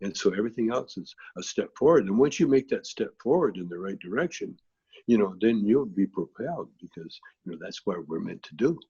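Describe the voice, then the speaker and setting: A man's voice: fairly low pitch, lively intonation, a little fast, mellow, husky, dull audio. A man being interviewed who tells long, rambling stories in a laid-back way, with plenty of filler phrases. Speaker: guest, actor and comedian.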